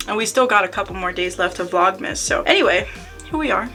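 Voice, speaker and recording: A woman's voice: medium pitch, lively intonation, quick pace, bright, forceful tone. A young woman chatting in a playful, hyper way while cooking in her home kitchen for her vlog. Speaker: vlogger. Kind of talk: casual cook-with-me vlog. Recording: music playing underneath.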